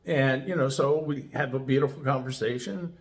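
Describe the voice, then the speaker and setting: A man's voice: medium pitch, normal speed. A man casually telling a personal story as a customer testimonial, chatty and enthusiastic, with lots of "you know" fillers. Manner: enthusiastic, animated retelling.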